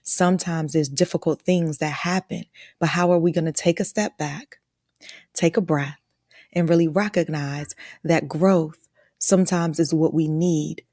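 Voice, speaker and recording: A woman's voice: low-pitched, darkish tone, no echo, clean studio sound. A woman hosting a live online talk, speaking in an encouraging, emotional way and often checking in with her listeners with a "right?". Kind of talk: motivational live-stream talk, reading out chat comments.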